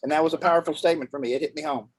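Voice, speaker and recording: A man's voice: fairly high pitch, fairly even intonation, very fast, slightly rough, dry recording, poor audio. Earnest folksy man telling a story. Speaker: guest speaker. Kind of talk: telling a personal story on a video call. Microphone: video call.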